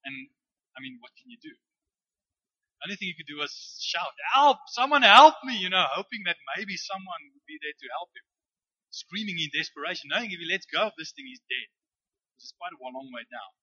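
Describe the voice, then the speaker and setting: A man's voice: on the high side, animated, brisk, sharp tone, husky, dry recording. A man preaching a sermon in a conversational, storytelling way, often checking with "right?". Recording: dull, dry lo-fi recording.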